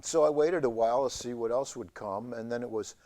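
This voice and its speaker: A man hosting a community TV show, telling a rambling comic monologue in a halting deadpan way with many fillers. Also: medium pitch. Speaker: show host. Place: community TV studio.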